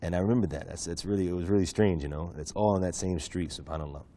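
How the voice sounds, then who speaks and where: A man from the United States telling a personal story in a relaxed, chatty interview, with many asides and restarts. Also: low voice, fast talker. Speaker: guest preacher telling his conversion story.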